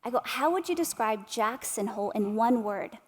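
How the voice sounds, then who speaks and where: Fairly high woman in echoing hall. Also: normal speed. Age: 30s. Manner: animated storyteller, addresses audience directly with tag questions. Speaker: keynote speaker. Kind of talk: motivational speech. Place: large hall at an arts center. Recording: long hall reverb.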